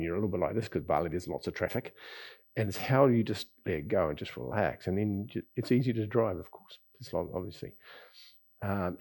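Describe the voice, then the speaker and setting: Man, qigong teacher, very low voice, husky, easygoing and rambling. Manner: easygoing, rambling, lots of sighs and soft chuckles. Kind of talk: relaxed spoken class talk. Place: lives in Bali.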